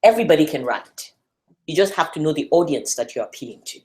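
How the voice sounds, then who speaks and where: Animated woman rallying a room. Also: sits low, fast talker. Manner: animated and encouraging, fires rhetorical questions at the room. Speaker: speaker at a learning session. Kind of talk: motivational talk to a room. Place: church meeting room.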